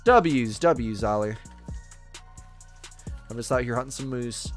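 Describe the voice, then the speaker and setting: A man's voice: medium pitch, slow, faint music behind. A man hosting a live game stream, casually chatting with viewers and reading their messages in a chummy, laid-back way. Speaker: livestream host.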